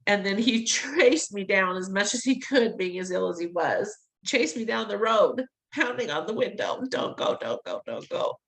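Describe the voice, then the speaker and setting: Animated middle-aged woman telling her story. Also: mid-range voice, normal speed, few pauses, low-quality recording. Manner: animated, acts out quoted voices, laughs between lines. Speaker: interview guest. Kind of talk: emotional personal storytelling.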